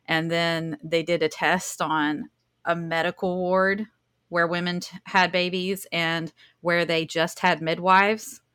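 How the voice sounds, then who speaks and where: A woman's voice: low voice, a bit bright, clear, resonant tone, no echo, clean studio sound. A young woman co-hosting a podcast, who chats casually and keeps adding joking, sarcastic side comments. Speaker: podcast co-host.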